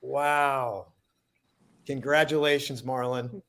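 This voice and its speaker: A man's voice: medium pitch, steady tone, slow pace, fairly bright tone. A man hosting a video call who introduces guests in an enthusiastic, effusive way, with stumbles and restarts. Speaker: host.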